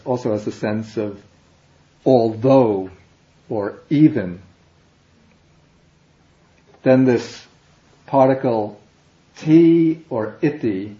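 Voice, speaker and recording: A man teaching a language class, explaining slowly and patiently, step by step. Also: mid-range voice, mellow. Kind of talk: classroom lecture. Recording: dull, echoey classroom recording.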